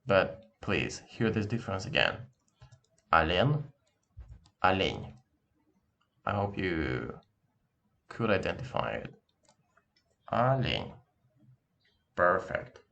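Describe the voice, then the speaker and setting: A man teaching a language lesson, patient and encouraging, repeating words slowly to show how they sound. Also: low-pitched, big pitch swings, vocal fry, fairly bright tone, muffled recording. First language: Russian. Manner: slow, drawn-out demonstration pronunciations. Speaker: Russian teacher.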